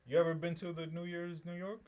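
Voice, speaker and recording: A man's voice: on the high side, flat delivery, quick pace, a little mellow. A middle-aged man co-hosting a podcast, chatting casually in loose slangy banter and teasing his co-host. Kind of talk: casual chat.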